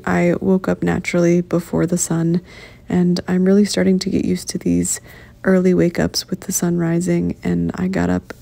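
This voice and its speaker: Woman, low and gravelly, warm mellow tone; reflective scripted vlog voice-over. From North Carolina. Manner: reflective, fond recollection. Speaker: vlogger narrating a hike.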